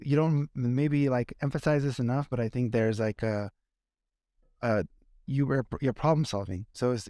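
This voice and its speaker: A man's voice: mid-range voice, a little mellow, no room sound, studio quality. A man co-hosting a casual podcast, searching for words and restarting often as he builds his question. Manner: hesitant, many fillers and restarts while framing questions. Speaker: podcast co-host.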